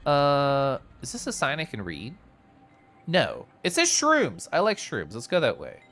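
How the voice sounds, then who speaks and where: A man's voice: mid-range voice, huge pitch swings, a little slow, fairly bright tone, faint music behind. A young man chatting casually while streaming a game, rambling and full of asides. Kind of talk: casual gameplay commentary.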